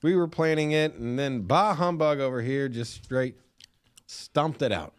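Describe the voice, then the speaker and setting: A man's voice: medium pitch, measured pace, smooth, no room sound. A man hosting a livestream, talking in a hyped, playful showman way. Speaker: host. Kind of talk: casual livestream chat.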